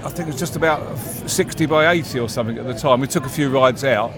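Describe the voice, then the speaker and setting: A man's voice: medium pitch, fast. An older man, a theme park owner, being interviewed outdoors in a genial, rambling way. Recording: outdoor recording with loud music.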